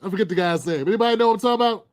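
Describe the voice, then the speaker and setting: A man's voice: high voice, rapid-fire, no echo, clean studio sound. A middle-aged man hosting a livestream, ranting through political commentary in a blunt, aggressive and profane way. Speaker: livestream host.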